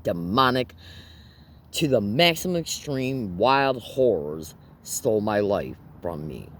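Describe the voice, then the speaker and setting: An agitated man talks straight to the camera, pressing his points with emphatic rhetorical questions. His mid-range voice swings widely in pitch. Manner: agitated, nervous laughter. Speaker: vlogger. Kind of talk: direct-to-camera monologue.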